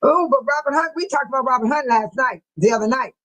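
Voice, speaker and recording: A woman's voice: sits high, fast talker, fairly bright tone, low-quality recording. Chatty, laughing woman streamer. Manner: laughs often, mimics people in exaggerated voices. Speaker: channel host. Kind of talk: casual live-stream chat.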